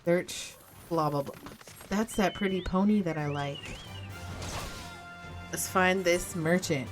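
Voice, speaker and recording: A woman's voice: lowish voice, slow, soft background music. A young woman streaming a game, joking and self-mocking in casual commentary, swearing freely.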